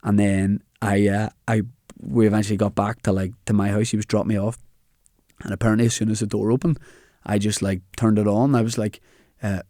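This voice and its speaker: A man's voice: on the low side, a little fast, no room sound, studio quality. A young man with a Northern Irish accent, a comedian telling a funny story in casual chat. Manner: animated anecdote telling with quoted dialogue. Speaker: comedian guest.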